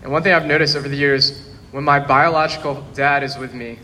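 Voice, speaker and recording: A man preaching a sermon with a bright, forceful tone and an earnest, steady delivery. His voice rings out with a long reverb from a large church hall. A faint room ambience hums behind him. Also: mid-range voice, a little fast, slight background noise. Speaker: pastor.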